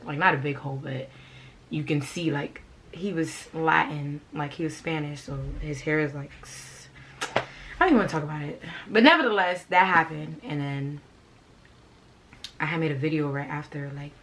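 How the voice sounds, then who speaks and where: A woman's voice: deep voice, moderate pace, fairly bright tone, slight background noise. A woman from Brooklyn, telling a story in a casual, blunt, profane, rambling way. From Brooklyn, New York. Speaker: vlogger.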